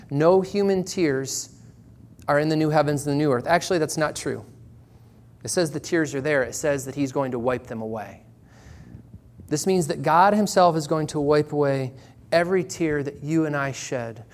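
A man preaching a sermon in church, earnest and measured, slowing down and pausing for emphasis. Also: a little high, slight background noise. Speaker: pastor.

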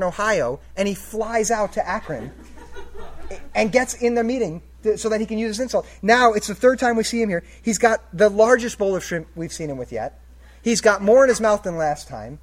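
A man giving a sermon as a story, talking casually and asking the audience questions. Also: sits high. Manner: conversational, asks the audience questions. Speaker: preacher.

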